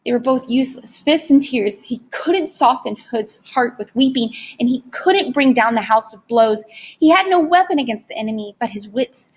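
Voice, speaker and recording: A woman narrating an audiobook in a steady, expressive storytelling voice. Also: fairly high pitch, normal speed, husky. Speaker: audiobook reader.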